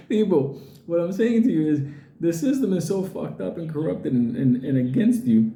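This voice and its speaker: A man's voice: medium pitch, very animated, normal speed, mellow, reverberant. A middle-aged man ranting casually to his viewers, blunt and profane, who often mimics other people's voices. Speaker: crypto video host.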